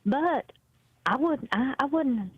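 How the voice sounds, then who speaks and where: A woman's voice: high voice, lively intonation, takes it slowly, breathy edge, no echo. A woman, calling in and telling a story bluntly in casual chat. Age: 50s. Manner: blunt storytelling, quoting others. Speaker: caller. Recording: muffled dry phone-in audio.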